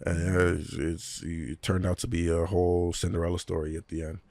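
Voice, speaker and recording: A man's voice: sits low, fairly quick, no room sound. A young man, a professional footballer, telling stories in a casual interview with lots of slang and laughter. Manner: animated, laughing, slang-heavy storyteller.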